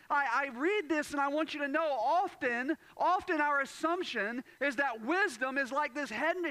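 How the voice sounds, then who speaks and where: A man delivers a sermon in a very high, bright voice that stays close and dry in the recording. He presses his points with emphasis, restating key phrases and rising to loud moments. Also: no echo. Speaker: pastor.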